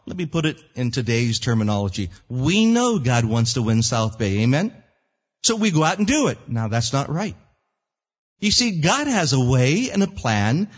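Animated husky male preacher in a hall. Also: on the high side. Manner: animated preaching, acts out prayers in character voices. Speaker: pastor. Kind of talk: sermon. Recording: dull lo-fi church hall recording.

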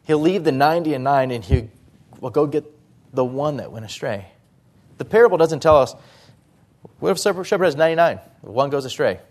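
Pastor guy preaching in church, kinda high voice, lots of quick questions and answers. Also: animated, a little mellow. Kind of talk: sermon.

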